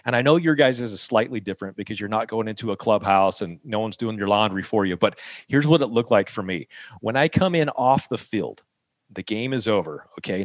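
A man's voice: lowish voice, dry recording, studio quality. A man giving a coaching talk to young players, emphatic, repeating key phrases and asking rhetorical questions. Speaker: mental performance coach.

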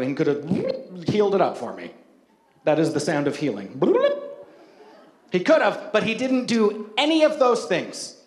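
A male pastor gives a conversational sermon, joking about himself and talking straight to the congregation. His voice sits high for a man and carries a roomy echo, as if in a large space. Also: huge pitch swings, moderate pace. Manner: humorous, conversational, self-mocking storytelling.

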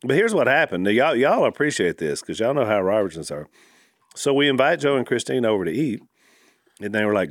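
A man's voice: mid-range voice, expressive, a little fast, no room sound, clean studio sound. A man, co-hosting a podcast and telling stories in an easygoing, casual way. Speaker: podcast co-host. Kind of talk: casual chat.

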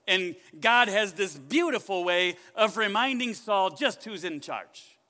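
A male pastor preaching a sermon in a high, bright, forceful voice. He talks in an animated way and keeps putting questions to his congregation. A long hall reverb trails each phrase. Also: measured pace.

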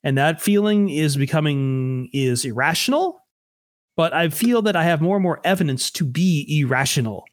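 A man's voice: fairly high pitch, expressive, moderate pace, no room sound, studio quality. A man hosting a casual sports podcast in a sarcastic, joking way. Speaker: podcast host.

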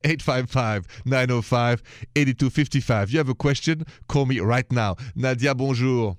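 Hosting a late-night radio advice show, a man chats with callers and encourages them warmly, speaking with a thick accent. His mid-range voice moves at a moderate pace. It's captured on a studio microphone, clean and free of echo.

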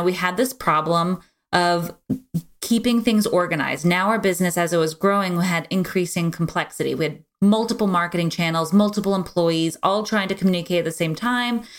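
Brief: middle-aged woman, lowish voice, frank and energetic, conversational podcast guest. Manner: frank, energetic, many fillers like "like" and "you know". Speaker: podcast guest, business owner. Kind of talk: casual conversational storytelling.

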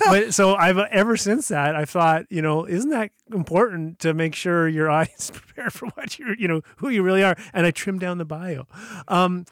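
A man with a fairly high voice co-hosts a casual podcast. He rambles and restarts his sentences, and the recording is dry and close. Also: fairly bright tone, no room sound. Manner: rambling, halting storyteller. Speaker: podcast co-host.

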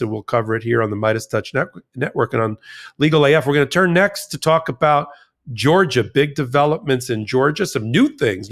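A man co-hosts a legal commentary podcast in a lively, chatty manner and often restarts his sentences. His voice has a gravelly, creaky edge. He sits at a middle pitch. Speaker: podcast co-host.

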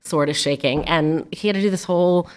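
A young adult woman telling a lively story to a host in a casual chat, laughing often. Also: deep voice, a little fast, clean tone. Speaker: guest. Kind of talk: casual anecdote.

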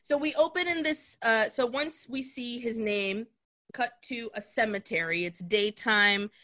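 A woman co-hosting a podcast recaps a film in casual chat, speaking unhurriedly in a voice on the high side. She tells it animatedly, acting out characters' lines, swearing casually, and laughing often.

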